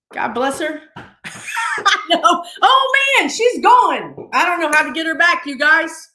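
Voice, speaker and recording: A woman hosting a joking live stream over a video call. Her high, bright voice bounces around, and the room behind her is echoey. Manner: teasing, joking banter. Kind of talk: casual live-stream chat.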